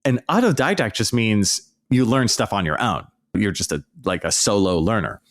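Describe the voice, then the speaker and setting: Podcast host, male, lowish voice, sarcastic and exasperated casual rant. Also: animated, moderate pace.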